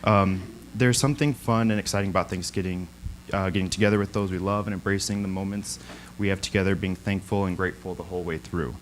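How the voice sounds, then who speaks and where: A man's voice: deep voice, fairly even intonation, fast talker, a little hiss or hum, poor audio. A young man speaking as a guest at a church, telling a story in an informal sermon, with lots of ums and frequent laughs. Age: young adult. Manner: chatty, many ums, laughs often.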